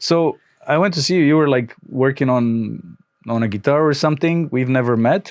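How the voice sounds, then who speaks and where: A man's voice: mid-range voice, fast talker. A man hosting a podcast, telling a story in casual chat and acting out the lines he quotes. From Romania. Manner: animated, acts out quoted lines with laughs. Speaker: podcast host.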